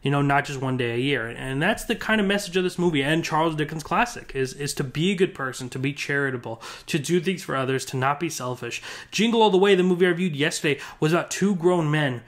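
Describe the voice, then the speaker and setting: Brief: young male film reviewer, slightly higher voice, earnest and rambling, casual to-camera talk. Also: quick pace, few pauses. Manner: earnest, rambling with many restarts. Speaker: movie reviewer.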